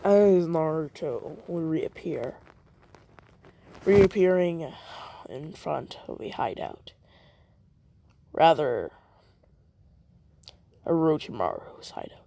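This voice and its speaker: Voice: medium pitch, lively intonation, slow, creaky, pauses often, dark tone. A fan storyteller rambling through a story, full of fillers and self-corrections.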